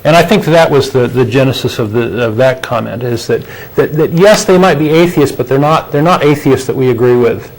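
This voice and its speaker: A man's voice: medium pitch, a little fast, rough recording. A man co-hosting a studio discussion, talking conversationally and repeating words as he thinks. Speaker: co-host.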